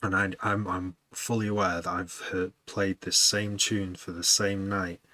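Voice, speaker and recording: A man's voice: sits low, flat delivery, measured pace, sharp tone, no echo. A man, a music producer, chatting casually with his livestream viewers, rambling and laughing often as he muses aloud. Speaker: music producer streaming to chat.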